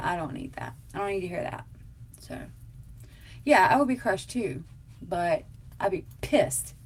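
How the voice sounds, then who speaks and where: A woman's voice: medium pitch, fairly bright tone. A young adult woman, chatting casually and emphatically to viewers on a live stream as its host. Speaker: livestream host answering tag questions.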